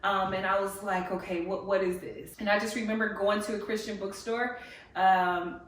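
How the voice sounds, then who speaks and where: A woman's voice: mid-range voice, level tone, normal speed. A woman in her twenties, a life group leader, telling her faith story in an earnest, emphatic way with many ums and repeats. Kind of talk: personal faith testimony in a casual interview. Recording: echoey room, mic at a distance.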